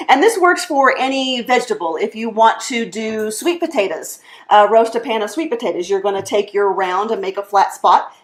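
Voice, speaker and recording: A woman's voice: mid-range voice, reverberant. A woman hosting a casual live cooking demonstration, chatty and laughing often, with plenty of fillers as she works. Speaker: cooking show host.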